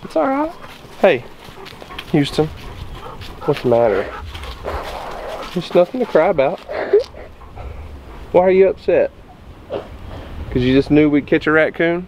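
A man in his thirties with an Oklahoma accent, hosting a casual homestead vlog outdoors in a gentle, coaxing, teasing way. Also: fairly high pitch, takes it slowly, long pauses, lo-fi sound, slight background noise. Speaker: homesteading vlog host and father. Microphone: camera-mounted shotgun mic.

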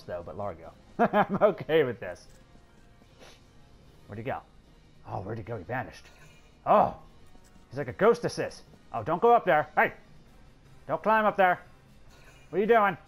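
A man doing casual let's play commentary, excitable, swearing often and talking to the characters on screen. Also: medium pitch, moderate pace, pauses often, faint music behind. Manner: excitable, swears a lot, talks to game characters. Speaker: gameplay commentator.

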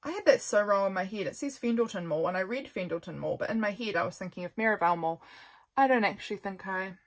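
A woman's voice: mid-range voice, fast. Chatty New woman rambling casually. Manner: chatty, rambling, self-correcting. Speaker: journaling vlogger. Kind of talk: casual chatty flip-through.

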